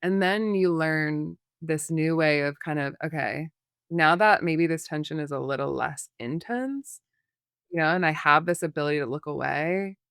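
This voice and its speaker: A woman's voice: sits low, normal speed, gravelly, fairly bright tone, clean tone, no echo. Woman therapist rambling thru examples, lots of likes and ums, dry close sound. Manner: rambling, uses many fillers and examples. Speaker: guest therapist. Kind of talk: casual podcast explanation.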